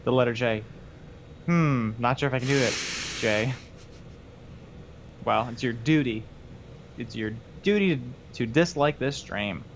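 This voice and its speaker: A man's voice: medium pitch, measured pace, long pauses, a little hiss or hum. A man co-hosting a live painting stream, talking casually about his model and cursing lightly. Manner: relaxed, drawls, swears lightly. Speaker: co-host of a miniature painting stream. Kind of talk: casual chat while painting.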